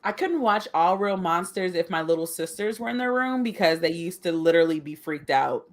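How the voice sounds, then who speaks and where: A woman co-hosting a casual chat, sharing lively childhood anecdotes and laughing often. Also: lowish voice, fairly quick. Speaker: co-host.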